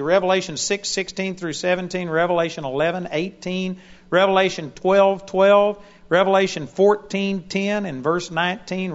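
A man preaching a sermon in an auditorium, swinging between loud declarations and quiet, conversational asides. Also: on the high side, highs cut off.

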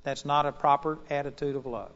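A man preaches to a congregation in an auditorium. His voice sits a little high, and he moves from forceful, loud proclamations to soft, mellow asides. The sound is muffled and lo-fi. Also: fairly even intonation, fairly quick. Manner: emphatic, swings between loud declarations and quiet asides. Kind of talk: sermon.

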